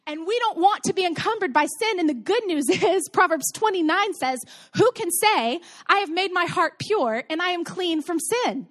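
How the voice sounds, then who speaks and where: A woman's voice: extremely high pitch, animated, moderate pace, fairly bright tone. A woman in her thirties preaching a sermon to her congregation in a conversational way, telling stories and asking rhetorical questions. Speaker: pastor. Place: church sanctuary with congregation.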